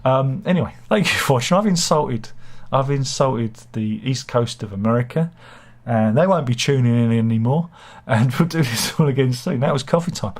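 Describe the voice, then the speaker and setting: A man's voice: mid-range voice, moderate pace, few pauses, darkish tone. Man with a cold, rambling and jokey. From United Kingdom. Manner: rambling and hesitant, many fillers and restarts, jokey asides. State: has a cold, slight cough. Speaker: host of a live chat show. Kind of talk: casual opinionated chat, reading viewer comments.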